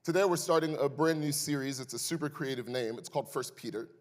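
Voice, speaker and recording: A young man preaches in a church sanctuary, his voice carrying a long reverb through the hall. His pitch sits in an ordinary middle range. He tells stories with animated swings and slips in dry, joking asides to the congregation. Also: quick pace. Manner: animated, building to loud emphasis in stories. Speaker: pastor. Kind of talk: sermon with personal storytelling.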